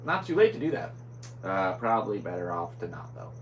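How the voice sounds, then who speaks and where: A young man talks his way through a casual solo podcast, drifting from one thought to the next. His voice sits on the low side. A faint hum runs quietly behind him. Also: sing-song, brisk, low-quality recording. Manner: rambling, scatterbrained. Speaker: podcast host.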